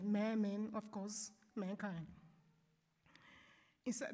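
A woman giving a personal testimony in church, emotional, pausing and apologizing as she speaks. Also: mid-range voice, darkish tone, in a large hall. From Africa.

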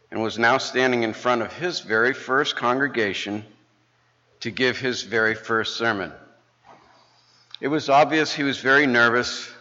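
In a church sanctuary with dull, long reverb, a man in his late fifties speaks as a lay speaker, spinning a folksy, humorous story before moving into prayer. His mid-range voice comes across pushed and bright.

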